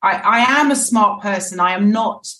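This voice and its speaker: A woman's voice: mid-range voice, moderate pace, sharp tone. A woman speaking as a podcast guest, frank and reflective, often restarting her phrases. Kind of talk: candid podcast conversation. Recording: echoey, distant mic.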